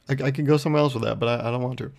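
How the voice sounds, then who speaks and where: Gravelly young man ranting casually. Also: medium pitch, darkish tone. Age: young adult. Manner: rambling, profane, self-interrupting storytelling. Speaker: podcast host. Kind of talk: casual monologue.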